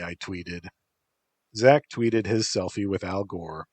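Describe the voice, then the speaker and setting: A man reading a first-person story aloud in a deadpan, unhurried way. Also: low-pitched, no room sound. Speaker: narrator.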